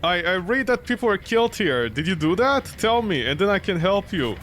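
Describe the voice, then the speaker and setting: Male let's-play streamer, high bright voice that swings a lot, jokey rambling, faint hum behind. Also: big pitch swings, fairly quick. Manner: jokey, rambling, talks back at the game. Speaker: game streamer.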